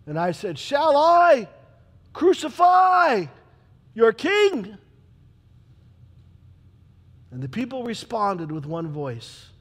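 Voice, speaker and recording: A man playing a troubled, proud Roman governor in a dramatic church monologue, emphatic and swinging between loud declarations and hushed asides. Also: on the high side, sing-song, normal speed, long reverb tail. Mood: commanding. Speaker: character monologue performer.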